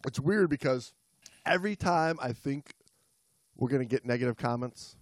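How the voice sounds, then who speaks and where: A man's voice: mid-range voice, normal speed, no room sound, studio quality. A man co-hosting a podcast, reading a story aloud between laughs and joking with his co-host in put-on slang. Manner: jokey, laughs often, puts on Aussie slang.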